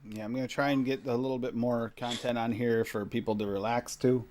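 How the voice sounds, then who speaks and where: A man from the United States hosting a casual podcast chat, easygoing and quick to laugh, with rambling sentences. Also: medium pitch, level tone, darkish tone. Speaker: podcast host.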